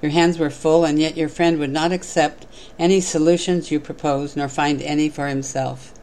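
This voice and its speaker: A storyteller reading a moral parable in a measured, reflective way, then addressing the listener. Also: mid-range voice, fairly even intonation, darkish tone, low-quality recording.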